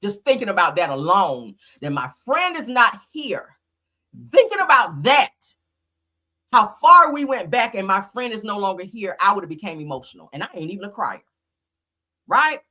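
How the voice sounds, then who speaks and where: A woman's voice: medium pitch, big pitch swings, normal speed, pushed and bright. A woman hosting a commentary channel, reacting bluntly and skeptically and swearing freely.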